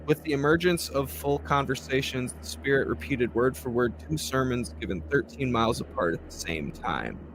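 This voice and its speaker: A man's voice: mid-range voice, animated, normal speed, hardly any pauses, background noise. A man hosting a podcast, reading a ghost story aloud and breaking off into profane, laughing asides.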